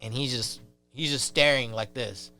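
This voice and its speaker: A man's voice: mid-range voice, normal speed, sharp tone, faint music behind. A man, a podcast guest, telling a rambling, casual story full of fillers and swearing.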